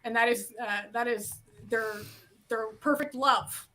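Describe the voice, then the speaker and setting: A woman's voice: fairly high pitch, measured pace, heavy background noise. A woman co-hosting a casual chat, playful and enthusiastic. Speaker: podcast co-host.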